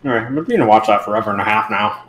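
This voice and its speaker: A man's voice: lowish voice, rapid-fire, a bit bright. A man playing a game online with friends, easygoing and chatty. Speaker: player. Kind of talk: casual gaming chat. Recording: roomy echo with faint music.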